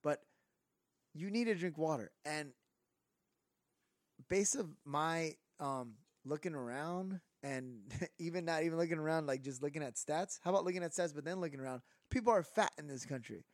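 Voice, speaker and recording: A man co-hosting a casual podcast, rambling through an animated rant full of fillers. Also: on the high side, normal speed, no echo, clean studio sound. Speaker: podcast co-host.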